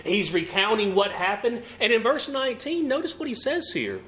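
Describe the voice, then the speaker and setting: Male preacher, fairly high voice with wide swings, questioning his flock; faint room hum behind. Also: a bit bright. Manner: asks the congregation questions, emphatic rising and falling delivery. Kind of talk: sermon.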